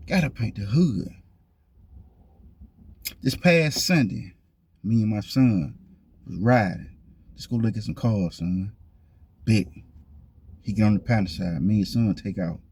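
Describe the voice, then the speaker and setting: Husky man, lively and emphatic. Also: fairly low pitch. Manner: emphatic, repeats points for stress; talks straight to viewers, asks them questions. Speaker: vlog host. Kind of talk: casual talk to camera.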